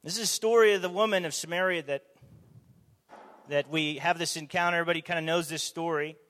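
A man preaching a conversational sermon, animated, asking the audience rhetorical questions, in a church or meeting hall. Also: a little high, fast. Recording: long hall reverb.

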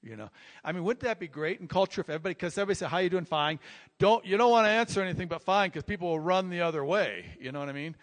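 An older man, a pastor, telling a personal story in sermon style, rambling and repeating himself, growing animated. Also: high voice, racing. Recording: long reverb from a large hall.

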